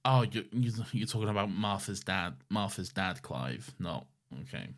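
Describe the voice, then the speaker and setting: A man co-hosting a podcast in casual chat, animated and sweary, paraphrasing scenes in quick mock voices. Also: lowish voice. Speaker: podcast co-host.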